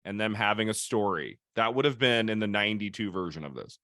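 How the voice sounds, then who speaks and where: A man hosts a film podcast in a relaxed, chatty way, laughing often and restarting his sentences. His voice is bright and forceful. The sound is dry and close to the mic. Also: lowish voice, fairly quick, dry recording. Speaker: podcast host. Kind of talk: casual film chat.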